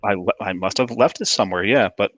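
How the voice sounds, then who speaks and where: A man co-hosts a loose, playful chat, teasing his partner and stumbling over his words. His voice is on the low side and sounds dry and close to the mic. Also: quick pace, a bit bright, no echo. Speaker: co-host. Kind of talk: casual chat.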